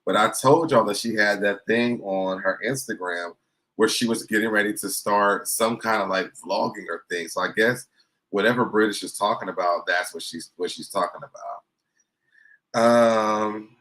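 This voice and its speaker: A man's voice: on the low side, moderate pace, bright, forceful tone, poor audio. A man hosting a livestream, giving sarcastic gossip commentary and greeting chat viewers. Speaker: livestream host. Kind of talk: casual commentary reacting to clips.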